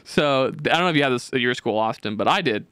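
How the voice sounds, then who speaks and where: A young man hosting a podcast, telling stories in a profane, ranting, animated way. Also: mid-range voice, fast, clear, resonant tone, no echo, studio quality. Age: young adult. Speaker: podcast host. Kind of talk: casual podcast chat.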